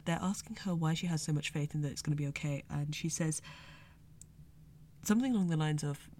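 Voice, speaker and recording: A woman with a low voice gives a casual spoken review. She sounds chatty and analytical and pauses to unpack the meaning of foreign words. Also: warm tone. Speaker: anime reviewer.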